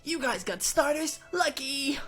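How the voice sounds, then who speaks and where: A woman voicing an excitable young girl with a squeaky, gushing voice, drawn out and slow. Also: faint music behind. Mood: excited. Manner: high and gushing.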